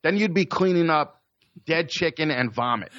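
A man's voice: on the high side, lively intonation, moderate pace, a bit bright, lo-fi sound. A man telling stories in casual chat, profane and rambling, with stammered restarts.

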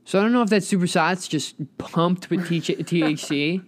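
A young man telling a story in casual chat, animated, often laughing and swearing. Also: sits high, moderate pace, a little hiss or hum. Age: young adult. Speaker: guest.

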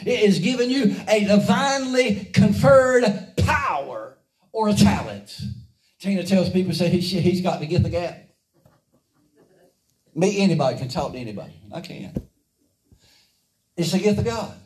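Fervent high-voiced preacher. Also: male voice, lively intonation, normal speed, long pauses. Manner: fervent, rhythmic, drives the congregation to repeat after him. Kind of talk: call-and-response sermon. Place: church service. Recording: echoey church audio from a distance.

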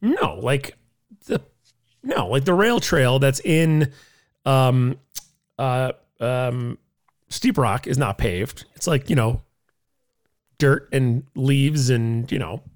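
A man in his thirties co-hosting a podcast, chatting in a relaxed, rambling way. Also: medium pitch, takes it slowly, pauses often. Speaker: podcast co-host. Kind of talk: casual chat.

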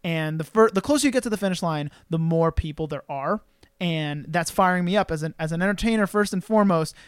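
A man's voice: a little high, fairly quick, clear, resonant tone, no room sound, studio quality. A young man hosting a podcast, telling an emotional personal story in an earnest way, with many fillers and restarts. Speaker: podcast host.

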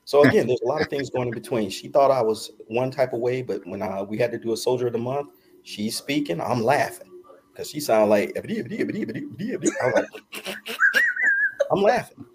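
Animated middle-aged man telling a story. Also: mid-range voice, normal speed, noisy background. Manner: laughs often, animated storyteller acting out quotes. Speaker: podcast guest. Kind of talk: casual storytelling.

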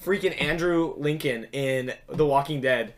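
A young man with a slightly high voice hosts a casual podcast chat. He talks in an animated way and often cuts in over his co-hosts. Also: measured pace. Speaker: podcast host.

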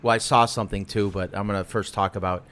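A man's voice: on the low side, steady tone, quick pace, fairly bright tone, slight background noise. A young man co-hosting a podcast in casual chat, telling a story with plenty of fillers and restarts. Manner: rambling, lots of fillers and restarts. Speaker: podcast co-host.

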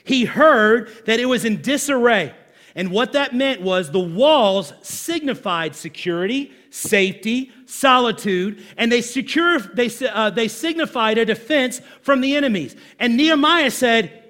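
A male pastor preaching a sermon to his congregation, animated and conversational, asking the room questions. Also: high-pitched, a little slow.

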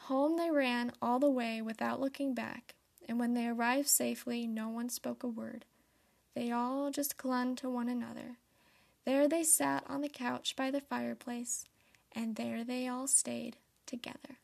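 Gravelly teen girl narrating a story. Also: fairly high pitch, fairly even intonation, a little slow, a little mellow. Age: late teens.

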